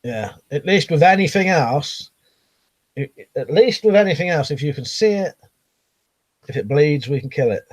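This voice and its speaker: A man's voice: on the high side, expressive, normal speed, no echo. Casual swearing man, dry mic. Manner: rambling, swears casually, frequent ums and restarts. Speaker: live streamer. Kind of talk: casual live-stream chat, reading viewer comments aloud.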